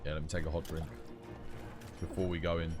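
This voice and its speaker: A man's voice: extremely low pitch, fairly quick, over music. A man with a London accent chatting casually while streaming a game, rambling with frequent restarts. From England. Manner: rambling, relaxed, lots of "like" and restarts. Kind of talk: casual chat while gaming.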